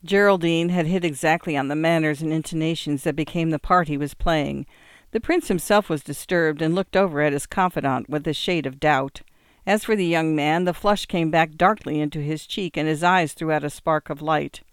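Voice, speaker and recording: A male narrator reads a classic tale in a measured, even storytelling manner. His voice is smooth and resonant. The recording is dry and close to the mic. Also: fairly high pitch, dry recording. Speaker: audiobook narrator. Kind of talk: scripted narration.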